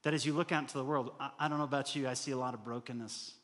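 Earnest pastor preaching in a reverberant hall. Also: male voice, medium pitch, fairly even intonation, racing, a bit bright. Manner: earnest, rising to emphatic peaks, acts out inner voices. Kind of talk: sermon.

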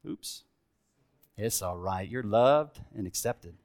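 A middle-aged pastor preaching a sermon in a church, conversational, asking his congregation questions and moving between lively emphasis and quiet reflection. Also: lowish voice, takes it slowly.

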